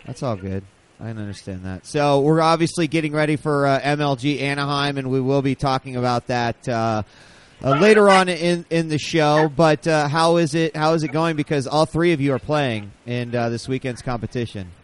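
A man's voice: mid-range voice, moderate pace, smooth. A man hosting a casual gaming talk show, bantering energetically and swearing freely. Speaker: host. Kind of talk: casual chat.

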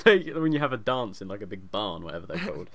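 A man's voice: lowish voice, very animated, fast, fairly bright tone. A man co-hosting a podcast in casual chat, joking and laughing often. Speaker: podcast co-host.

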